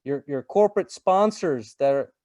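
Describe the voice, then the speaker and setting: A man's voice: a little high, lively intonation, normal speed, dark tone, no echo, clean studio sound. A middle-aged man giving a webinar presentation in a casual, conversational way, repeating phrases and checking in with "right?".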